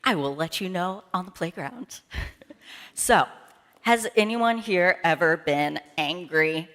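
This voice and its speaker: A bright, animated woman leads children's time at a church service, coaxing everyone to stand up and move. Her voice carries with a long reverberant tail from a large sanctuary. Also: fairly low pitch, takes it slowly. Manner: playful, animated, leads movement and shouting. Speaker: children's message leader. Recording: echoey hall from the room mic.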